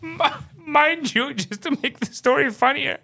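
A young man with a high voice, telling stories in a casual podcast chat. He is animated and drops "bro" into almost every sentence. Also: normal speed, vocal fry. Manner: animated, says "bro" constantly. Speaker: podcast co-host.

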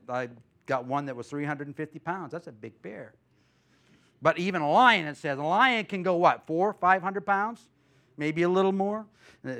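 High, bright-voiced preaching man. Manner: folksy storytelling, swings from loud preaching to quiet asides. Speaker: guest pastor. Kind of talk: sermon.

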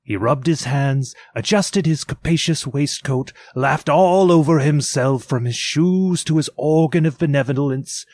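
A man reading a classic story aloud in an expressive, theatrical storytelling manner. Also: a little high, a little slow, hardly any pauses, dry recording. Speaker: narrator. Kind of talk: dramatic audiobook reading.

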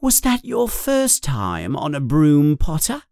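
A narrator voicing a strict older female professor who scolds and commands in a high, raised voice. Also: huge pitch swings, takes it slowly, darkish tone, no room sound, studio quality, exaggerated voice. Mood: brisk.

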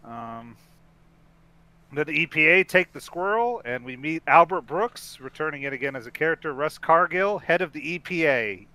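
A man with a bright, forceful voice co-hosting a casual podcast and walking through a film scene by scene. He laughs often, restarts sentences and rambles along good-naturedly. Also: a little high, animated, moderate pace, dry recording. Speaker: podcast co-host. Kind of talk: casual chat recapping a film.

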